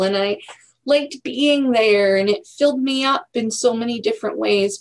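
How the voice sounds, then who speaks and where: A woman's voice: mid-range voice, low-quality recording. A middle-aged woman telling her own story in a candid, reflective way during a casual interview. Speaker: guest.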